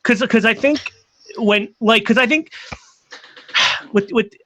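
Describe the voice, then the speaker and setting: American man, high voice, bright tone, halting casual chat, faint background noise. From United States. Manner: halting, many restarts and fillers. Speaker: podcast guest.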